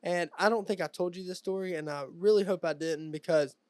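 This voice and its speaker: A young man co-hosting a podcast, casual chat, animated storytelling with frequent laughs. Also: high voice, a little fast, no echo. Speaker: podcast co-host.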